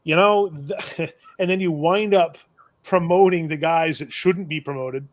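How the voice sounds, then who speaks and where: A man's voice: fairly high pitch, fairly even intonation, measured pace. A man co-hosting a live shop-talk stream, musing reflectively with the odd chuckle. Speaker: podcast co-host. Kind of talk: casual shop talk livestream.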